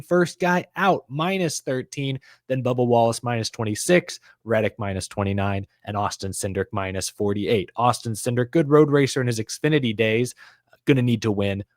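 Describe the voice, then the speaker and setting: Guy hosting a racing podcast, lowish voice, dry close sound, just chatting. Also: dry recording. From American South. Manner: animated, runs through stats, leads the discussion. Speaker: podcast host. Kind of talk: casual chat.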